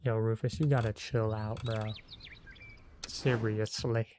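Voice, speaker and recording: A man's voice: fairly low pitch, flat delivery, slow pace, a little mellow, slight background noise. A man streaming a game, joking around in slangy, playful commentary. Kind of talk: gaming commentary.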